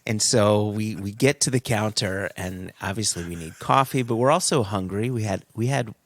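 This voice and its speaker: A middle-aged man co-hosting a podcast in casual chat, telling stories in an animated way and laughing at himself. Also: lowish voice, moderate pace. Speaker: podcast co-host.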